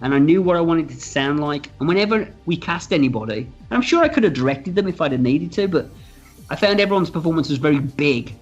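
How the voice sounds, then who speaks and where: A man telling stories as a guest in a casual interview, lively and animated. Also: fairly high pitch. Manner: animated, acts out quoted voices. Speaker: film director interviewed as guest. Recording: dull lo-fi sound with faint music.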